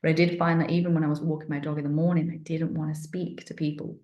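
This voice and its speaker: A woman's voice: low-pitched, level tone, fast talker, a little mellow, reverberant, muffled recording. A middle-aged woman casually recounting a personal experience, chatty and rambling, with many fillers and restarts, sounding thirsty and dry-mouthed. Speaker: wellness vlogger.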